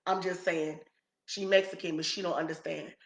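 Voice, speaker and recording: A woman's voice: fairly low pitch, fairly even intonation, normal speed. A woman vlogger giving emphatic, repetitive casual commentary as a mother reacting to online drama. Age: adult mother. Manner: emphatic, ranting, repeats herself. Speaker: YouTube vlogger. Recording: roomy echo.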